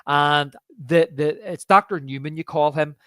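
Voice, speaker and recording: A man's voice: a little high, fairly even intonation, a little slow, pushed and bright, clear, resonant tone, dry recording, studio quality. A man co-hosting a podcast, chatting casually and animatedly, often acting out lines and laughing. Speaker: podcast co-host. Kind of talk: casual film chat.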